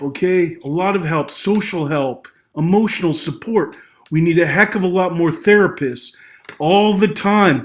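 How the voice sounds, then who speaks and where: Agitated, rambling man with a raised voice. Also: sits high. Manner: emotional and rambling, with many restarts and apologies; agitated, voice rising when angry. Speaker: vlogger giving social commentary. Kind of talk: unscripted personal monologue.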